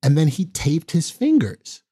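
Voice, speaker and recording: A man's voice: on the high side, measured pace, husky, no echo, studio quality. A man, a guest on a talk show, telling a story animatedly, acting out voices and checking in with "right?". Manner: lively, acts out voices, says "right?" a lot. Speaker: guest actor.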